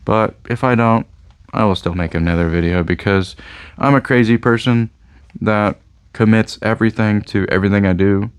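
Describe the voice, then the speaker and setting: A man with a low, smooth voice talks loosely about running his game store. His monologue wanders and keeps circling back to "I don't know" asides. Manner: rambling, often trails off with "I don't know". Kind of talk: casual rambling video monologue.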